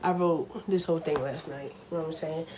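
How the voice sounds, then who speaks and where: A woman's voice: deep voice, fairly even intonation, fairly quick, background noise. A young woman talking casually to her camera at home, chatty and full of fillers, openly nervous. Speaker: vlogger.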